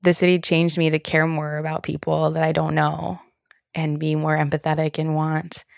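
A young woman with a low voice and a gravelly fry hosts her podcast solo, chatting loosely and candidly with plenty of "like" and a swear here and there. Her voice is recorded dry and close, with no room sound around it. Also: completely flat delivery, moderate pace, dry recording. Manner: loose, candid, filler-heavy talk with frequent "like" and swearing. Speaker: podcast host. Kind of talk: casual solo podcast chat.

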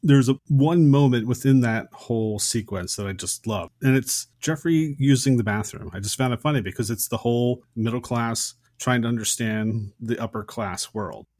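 A man co-hosting a podcast, casually recounting a favorite film scene in a relaxed, conversational way. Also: medium pitch, normal speed, few pauses, no echo, studio quality. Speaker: podcast co-host.

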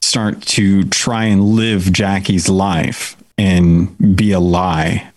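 A man co-hosting a casual podcast, relaxed and backing up his partner with short replies. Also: sits low, drawn-out words, no room sound. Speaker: podcast co-host. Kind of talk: casual chat.

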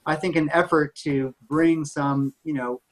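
A man's voice: a little high, fairly even intonation, unhurried, low-quality recording. A man who works in public health, a guest in an interview, explaining complicated issues thoughtfully. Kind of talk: conversational interview.

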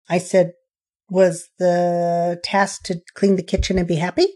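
A woman's voice: lowish voice, normal speed. A middle-aged woman counselor talking earnestly about parenting in an interview, acting out parents and children as she quotes them. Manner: earnest, animated when quoting parents. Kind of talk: conversational interview.

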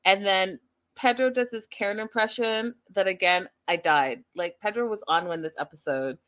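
Woman host, casual live-stream recap, chatty and expressive, talks straight to her viewers. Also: medium pitch, moderate pace. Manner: chatty and expressive, laughing, reading viewer comments aloud. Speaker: host recapping a reality show.

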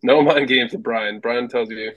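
A man's voice: mid-range voice, steady tone, moderate pace, no room sound, muffled recording. Laughing, rambling man telling stories. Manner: rambling, laughs often, peppers speech with "like". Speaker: podcast guest, former hockey goalie. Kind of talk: casual storytelling.

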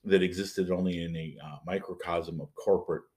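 A man's voice: low voice, steady tone, fairly quick, darkish tone. A man co-hosting a podcast in casual chat, wry and rambling, trailing off at times. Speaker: podcast co-host.

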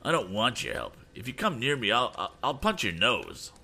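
A man's voice: mid-range voice, sing-song, slow, voice pushed up, full character voice. A man reading aloud voices a sulky teenage boy bully who sputters with rage. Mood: angry. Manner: shouting, sputtering.

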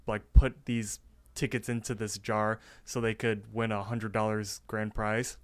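A man's voice: medium pitch, a bit bright, clear, resonant tone. A man co-hosting a podcast, chatting casually and filling his sentences with "like". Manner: chatty, many "like" fillers. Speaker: podcast co-host.

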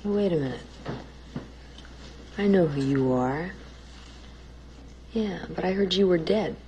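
An actress playing a nervous young woman stuck in a dangerous city, talking in a hushed voice, heard as a film clip. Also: fairly low pitch, animated, measured pace, muffled recording. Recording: noisy film soundtrack clip.

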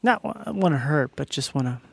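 A man chatting casually as a podcast guest, jokey and animated, talking in loose run-on thoughts. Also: a little high, brisk, vocal fry, husky.

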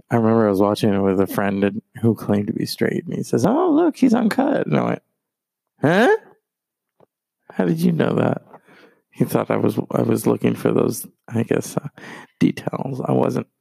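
Gravelly, rambling man talking movies. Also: fairly low pitch, darkish tone, no echo. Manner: rambling, profane, self-interrupting movie talk. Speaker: streamer. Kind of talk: casual chat.

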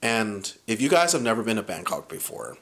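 A man's voice: fairly low pitch, fairly quick. A young man telling a wild story on a podcast, swearing freely and laughing as he goes. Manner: profane, animated, laughing through the story. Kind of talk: casual storytelling chat.

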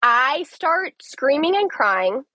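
A woman's voice: high-pitched, very animated, slow, pushed and bright, dry recording. A young woman in her twenties, a caller dramatically retelling a story in a casual chat. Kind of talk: animated storytelling.

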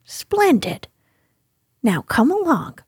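A woman voicing a brisk, bossy male rabbit who is hatching a plan, in a storybook reading. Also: high-pitched, very animated, darkish tone, breathy edge, dry recording, studio quality, full character voice.

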